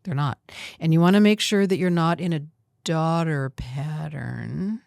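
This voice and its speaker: A woman's voice: lowish voice, quick pace, darkish tone, no echo, clean studio sound. A woman hosting a coaching talk, direct and emphatic, teasing her guest now and then. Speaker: host and coach. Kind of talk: coaching conversation.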